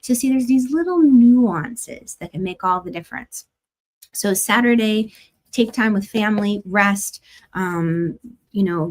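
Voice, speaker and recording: Chatty woman astrologer, mid-pitched. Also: unhurried. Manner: chatty and gentle, many "like" fillers, light laughs. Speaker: astrologer host. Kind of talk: casual spiritual forecast talk.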